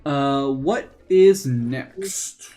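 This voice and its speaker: A woman's voice: very deep voice, expressive, very slow, dark tone, soft background music. A woman streaming a game and talking casually, in a rambling, hesitant way. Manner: rambling, hesitant, with fillers and restarts. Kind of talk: casual gameplay commentary.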